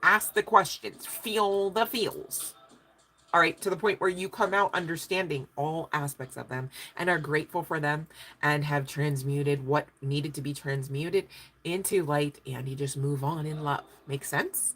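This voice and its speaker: A woman's voice: deep voice, a little slow, a bit bright. A woman giving a casual spiritual tarot reading, emphatic and chatty, often checking in with her listeners and swearing offhandedly. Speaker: tarot reader.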